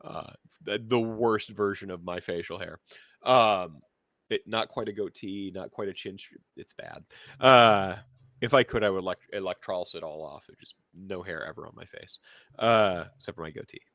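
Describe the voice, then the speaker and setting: A man's voice: sits low, normal speed, fairly bright tone, no echo, studio quality. A man running a tabletop vampire game as game master, narrating in a rambling way full of fillers and restarts.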